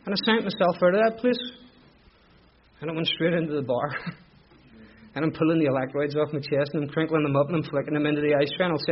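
A middle-aged man with a Belfast accent tells his own story as candid, emotional testimony, circling back on phrases. His voice sits slightly high for a man. The recording is dull and lo-fi, with a faint hiss underneath. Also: fast, pauses often. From Northern Ireland. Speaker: speaker sharing his recovery story. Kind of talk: personal testimony.

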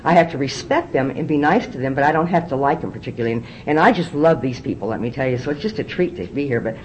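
A woman's voice: very deep voice, expressive, fast talker, lo-fi sound, slight background noise. A middle-aged woman speaking from a podium at a recovery meeting, telling her story candidly and often repeating words as she restarts. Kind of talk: personal testimony talk.

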